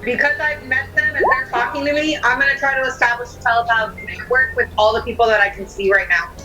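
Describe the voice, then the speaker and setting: A woman playing a tabletop game, eager and asking quick questions. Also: on the high side, fairly even intonation, distant mic, poor audio. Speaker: player. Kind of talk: casual tabletop play. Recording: music playing behind.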